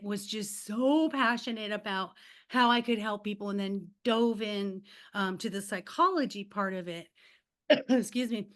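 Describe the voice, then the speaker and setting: A middle-aged woman with a mid-range, slightly bright voice appears as a podcast guest; she is a life coach. In a casual chat she tells stories, acts out quotes and laughs often.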